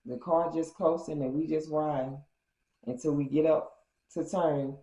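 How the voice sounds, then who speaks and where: A young woman telling a funny story in a casual, animated way, slipping into her friends' voices. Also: sits low, a little slow. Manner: animated, acts out quoted friends in slangy speech. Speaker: storytime vlogger. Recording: roomy, slightly dull sound.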